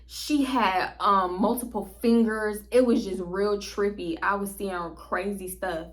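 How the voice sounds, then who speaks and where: A woman telling a story to her viewers in a casual, slangy way, animated and laughing often. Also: medium pitch, a little slow, few pauses.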